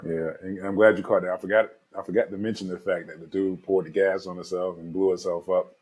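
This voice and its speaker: A man with a deep voice talks through a movie in a relaxed, conversational way. His tone is dark and mellow, with a husky edge. He recaps scenes loosely, leaning on filler words. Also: fast talker. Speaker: podcast co-host. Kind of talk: casual movie review chat.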